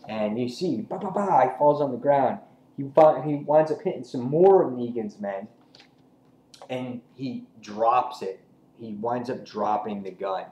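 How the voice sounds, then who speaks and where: A man casually reviewing a comic book, rambling and excitable, swearing freely and retelling scenes with lots of "he's like". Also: mid-range voice, unhurried. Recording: echoey room with faint noise.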